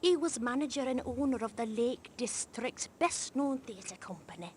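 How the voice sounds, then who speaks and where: A woman's voice: a little high, animated, normal speed, darkish tone, a little hiss or hum, lightly acted. An actress voicing a chatty, gossiping middle-aged wife on holiday with a northern English accent, forever turning to her husband for agreement. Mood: gossipy. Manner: gushing, keeps prompting her husband. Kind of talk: video game voice acting.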